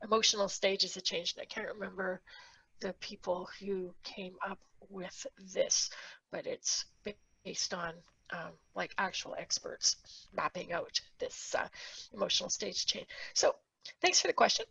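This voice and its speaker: A woman's voice: medium pitch, steady tone, a little slow, vocal fry, bright, forceful tone, breathy edge, no echo, low-quality recording. A woman podcast co-host talking through a diagram in casual chat. She thinks aloud with many ums and acts out quoted thoughts.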